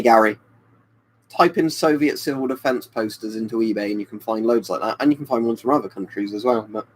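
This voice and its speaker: A man's voice: mid-range voice, rough recording. Rambling man on a live stream. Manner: rambling, answers chat by name. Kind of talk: casual live stream chat with viewers. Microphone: webcam stream mic.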